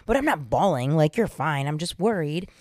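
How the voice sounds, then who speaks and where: A woman's voice: sits low, normal speed, no echo. Chatty woman teasing her husband. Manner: teasing, animated retelling. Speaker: podcast co-host, host's wife. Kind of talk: casual chat.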